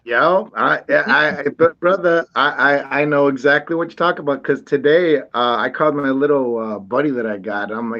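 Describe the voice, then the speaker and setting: A man joining a live stream as a guest, excitable and stammering, laughing through his stories. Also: on the high side, normal speed. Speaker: viewer guest. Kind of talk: casual live stream chat. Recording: dull lo-fi stream audio.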